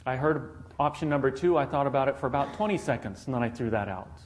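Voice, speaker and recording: A man's voice: mid-range voice, lively intonation, fast talker, slight background noise. A man preaching a sermon, earnest, putting rhetorical questions to the congregation.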